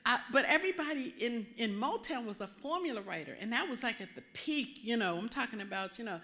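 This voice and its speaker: An older woman minister preaching, telling a personal testimony in a lively, storytelling way with many asides. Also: a little high, fairly quick. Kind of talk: testimony sermon.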